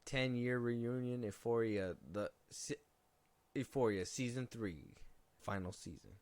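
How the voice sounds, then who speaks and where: A young man co-hosting a film podcast, casually running through film news in a relaxed, rambling way. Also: medium pitch, unhurried. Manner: relaxed, rambling, trails off and restarts. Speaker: podcast co-host.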